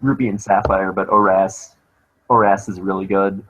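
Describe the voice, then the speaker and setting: A man's voice: low voice, steady tone, moderate pace, a bit bright, breathy edge. A young man in a casual group chat over a voice call, laid-back with terse replies. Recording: dull lo-fi voice call.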